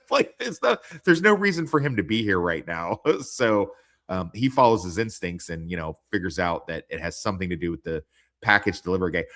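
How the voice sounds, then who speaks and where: Low-voiced guy rambling about an episode, lots of um and you know, swears a bunch. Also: a bit bright. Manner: rambling, profane, full of fillers. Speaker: host reviewing TV episodes. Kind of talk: casual chat.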